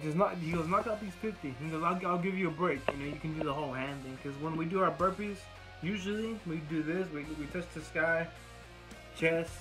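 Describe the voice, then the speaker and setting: In loose, casual talk, a young vlogger with a slightly high voice rambles through a personal story, swearing often and retelling dialogue in quoted bursts from himself and others. Music is clearly audible behind him throughout, and the recording quality is low.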